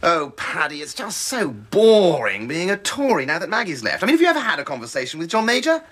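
A man's voice: fairly high pitch, huge pitch swings, a little fast, a bit bright, exaggerated voice. An actor playing a vain, scheming right-wing male Tory MP, with a plummy, arch drawl in sitcom style. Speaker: politician character. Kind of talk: sitcom acting.

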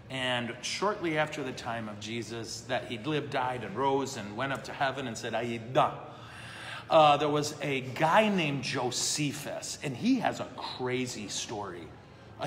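A priest with a medium-pitched, slightly bright voice hosts a live Q&A show in a brewery. He talks casually, jokes at his own expense, and keeps asking the room "okay?" and "right?". The recording has long reverb and faint ambient noise.

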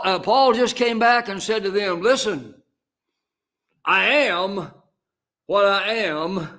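Older male pastor, high-pitched, unhurried, homey preaching style with drawn-out emphatic lines. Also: a bit bright. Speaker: senior pastor. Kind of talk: sermon.

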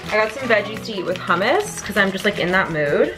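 A woman's voice: mid-range voice, very animated, a little fast, music in the background. A young woman chatting casually to her camera at home for a lifestyle vlog, filler-heavy and self-deprecating. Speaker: lifestyle vlogger. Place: home, kitchen and indoors.

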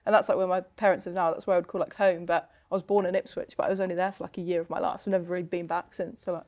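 A woman's voice: lowish voice, little pitch movement, racing, a little mellow. Chatty young English woman with faint Midlands twang. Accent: neutral English with a slight Midlands twang. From England. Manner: chatty, laughing, lots of fillers. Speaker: guest, rugby player. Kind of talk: casual chat.

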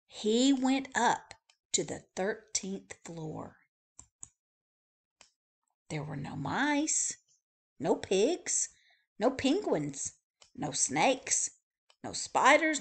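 A woman librarian reading a picture book aloud to young children, expressive and full of sound effects. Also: medium pitch.

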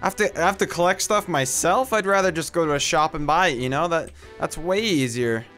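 A man's voice: fairly high pitch, brisk, a bit bright, soft background music. A man doing comedic game commentary, complaining in a whiny, exasperated way. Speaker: gameplay skit narrator.

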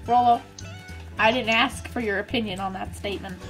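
Over background music, a woman speaks a little fast in a mid-range voice with fairly even intonation. She's a gaming YouTuber and server moderator, building in a video game and chatting casually with a friend in a giggly, playful, self-mocking way.

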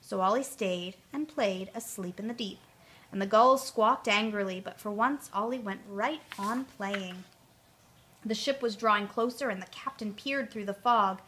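A woman storyteller reading a children's story aloud in a gentle, expressive way. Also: mid-range voice.

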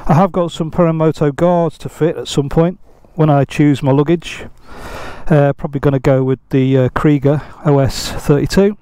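A man's voice: fairly high pitch, fairly even intonation, moderate pace, mellow, smooth, dry recording. An older man, chatting casually outdoors beside his motorbike in a rambling, self-deprecating way. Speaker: motorcycle vlogger. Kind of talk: casual vlog chat.

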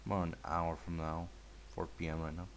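A man's voice: low voice, little pitch movement, fairly quick, slight background noise. A man giving casual gameplay commentary, laid-back and mumbly, trash-talking and swearing at the game.

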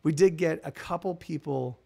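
A man's voice: fairly high pitch, normal speed, vocal fry, warm tone. A man hosting a casual live stream, telling rambling, profane stories with lots of restarts.

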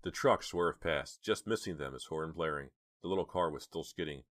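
A man narrating an audiobook with measured, dramatic storytelling. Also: a bass voice, fairly bright tone, no room sound, studio quality. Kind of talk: audiobook reading.

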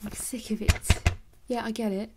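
A woman chatting in a soft, rambling way for ASMR, moving between quiet speech and whispers and making jokes. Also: on the high side, flat delivery, normal speed, heavy background noise. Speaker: ASMR creator.

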